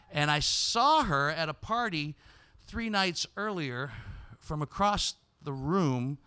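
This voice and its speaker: A male podcast host telling a comic story live on stage, swinging from loud shouts to hushed asides. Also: on the high side, animated, takes it slowly, clear, resonant tone. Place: live stage before an audience.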